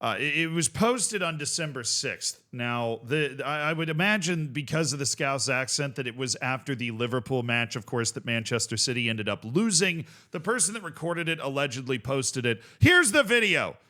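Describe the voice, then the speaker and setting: A young man hosting a casual video reaction show, talking in an animated, rambling way with swearing and bursts of laughter. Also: mid-range voice, moderate pace, hardly any pauses. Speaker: host.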